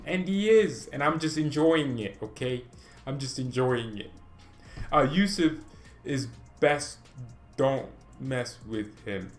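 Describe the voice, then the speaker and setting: Excitable rambling man chatting about football. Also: medium pitch, slow pace, faint music behind. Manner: rambling, excitable, often laughing at himself. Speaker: channel host. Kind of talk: casual livestream chat about football.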